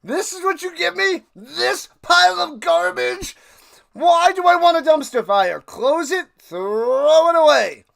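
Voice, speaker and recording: A whiny team executive sneers at a bad deal in a high, squeaky voice, as a man puts him on. The voice is scornful and disgusted. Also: unhurried, gravelly, fairly bright tone, exaggerated voice.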